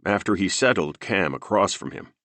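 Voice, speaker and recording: A man narrating a thriller audiobook in a steady, measured reading. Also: deep voice, no echo.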